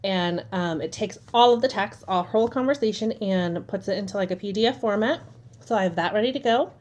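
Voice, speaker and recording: A woman's voice: medium pitch, brisk, darkish tone. A young woman venting casually to the camera at home, frustrated and exasperated as she retells an argument. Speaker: vlogger. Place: home, at a table.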